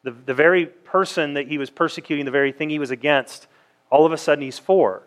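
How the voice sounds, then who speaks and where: A man's voice: a little high, fast. Conversational preacher, a man. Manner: conversational preaching, reads verses then explains them; frequent restarts and rhetorical questions to the congregation. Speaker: pastor. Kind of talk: sermon.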